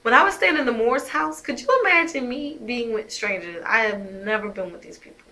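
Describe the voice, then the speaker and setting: A woman's voice: on the high side, a little fast, bright, forceful tone. A young woman telling her own story as a mother, emphatic and heated, swearing often. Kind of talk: emotional personal storytelling.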